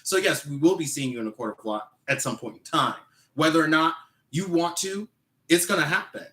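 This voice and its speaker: A man talking casually as a podcast guest, reading text messages aloud and reacting indignantly in an animated way. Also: a little high, a little fast. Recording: echoey room.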